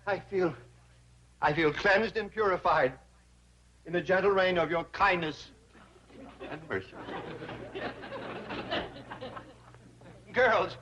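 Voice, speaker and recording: An actor playing a flustered, fawning banker who grovels in a theatrical way, on an old sitcom soundtrack. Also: male voice, high voice, measured pace, long pauses, bright, forceful tone. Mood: pleading. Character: fawning, money-hungry middle-aged banker. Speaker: bank president. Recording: dull old TV soundtrack with hiss.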